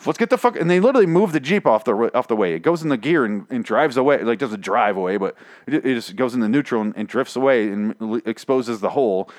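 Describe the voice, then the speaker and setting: A man's voice: mid-range voice, expressive, fast talker, a little mellow, no echo, studio quality. A young man giving a casual spoken show recap, rambling and profane, full of restarts.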